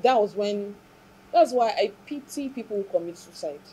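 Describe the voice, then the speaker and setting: A woman's voice: mid-range voice, expressive, moderate pace, dark tone, a little hiss or hum, low-quality recording. A woman, speaking as an interview guest and earnestly, reflectively recounting a hard time in her life and her faith. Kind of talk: emotional personal testimony.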